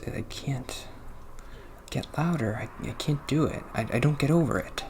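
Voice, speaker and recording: A man hosting casual gameplay commentary, talking in a hushed, half-whispered, self-conscious way close to the mic in his apartment. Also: mid-range voice, unhurried. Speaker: let's play host. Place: apartment room.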